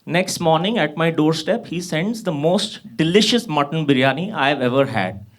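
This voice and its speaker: A man's voice: on the high side, animated, normal speed. A man in his thirties from Kashmir doing a profane stand-up comedy set in a club, his voice jumping up when he gets riled. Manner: profane, exasperated punchlines, voice jumps up when riled. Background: audience laughter.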